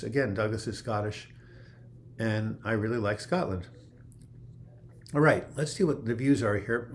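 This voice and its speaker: A man's voice: medium pitch, slight background noise. A man hosting a casual livestream, reading viewer comments aloud and answering them in a loose, rambling way. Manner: rambling, with frequent "you know" and restarts. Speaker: livestream host.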